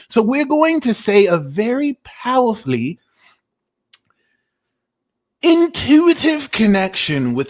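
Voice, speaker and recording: A man's voice: sits high, heavily acted. A man voicing a cheeky, vain British tarot reader with a put-on British accent, playful and teasing during a live tarot reading. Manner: playful, teasing, mock-indignant.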